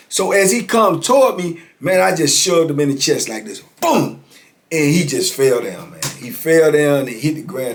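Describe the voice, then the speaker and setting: A man in his fifties telling a story in a casual, animated way, repeating himself and acting out the voices of others. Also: on the high side. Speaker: host telling a life story.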